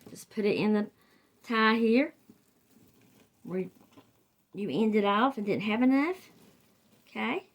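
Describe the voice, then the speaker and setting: A woman's voice: a little high, slow, pauses often. An older woman with a Southern US accent, chatting casually and rambling through a wreath-making tutorial. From the Carolinas, US. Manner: chatty, rambling, trails off and restarts. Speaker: wreath crafter. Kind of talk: casual crafting tutorial chat.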